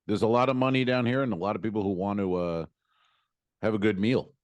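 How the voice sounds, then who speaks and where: Deep-voiced comedian, dry close sound. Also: male voice, quick pace, darkish tone, no echo. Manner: loose, rambling, swears casually. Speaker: comedian and podcast host. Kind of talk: casual podcast chat.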